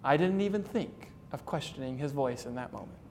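A man preaching a sermon in an earnest, dramatic way, retelling a story and slowing down to stress his points. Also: mid-range voice, lively intonation, a little mellow, in a large hall, a little hiss or hum.

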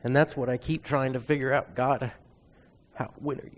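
A man's voice: medium pitch, fairly even intonation, normal speed, a little hiss or hum. A man preaching a sermon, telling a personal testimony in an earnest, confessional storytelling way.

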